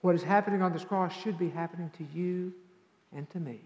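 A man preaches a sermon with a slightly high-pitched voice, shifting from quiet reflection to loud emphasis as he tells stories. His voice rings through a large church sanctuary with a long, trailing reverb. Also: fairly quick. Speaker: pastor.

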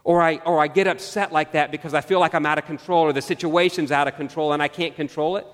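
A man preaching a sermon, earnest and searching, asking his listeners questions and slowing down on key phrases. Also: fairly high pitch, steady tone, in a large hall. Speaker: pastor.

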